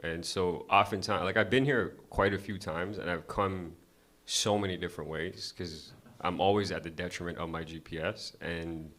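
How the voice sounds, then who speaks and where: A man's voice: low voice, steady tone, moderate pace, a bit bright. A man doing a casual, profane stand-up set at an open mic, talking to the crowd conversationally. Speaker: stand-up comedian. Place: comedy club stage.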